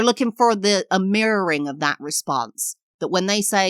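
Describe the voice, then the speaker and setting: A woman in her thirties from England with an English accent, hosting a personal podcast in a candid, reflective way and sometimes acting out lively quoted voices. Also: medium pitch, moderate pace, no echo, studio quality. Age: 30s. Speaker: podcast host. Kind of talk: personal solo podcast talk.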